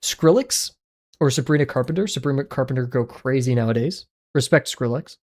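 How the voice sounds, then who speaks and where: A man's voice: medium pitch, fairly quick, darkish tone. Chatty young streamer guy, yelpy reactions. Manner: chatty, reacting aloud with sudden yelps and mumbled asides. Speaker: art livestreamer. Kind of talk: casual livestream chat playing daily web games.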